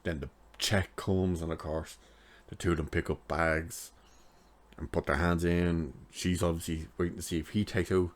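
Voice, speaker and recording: A man's voice: deep voice, level tone, normal speed. A man casually recapping a TV episode in a rambling way, with lots of filler "like"s. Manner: rambling retelling, many filler "like"s. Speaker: TV episode reviewer.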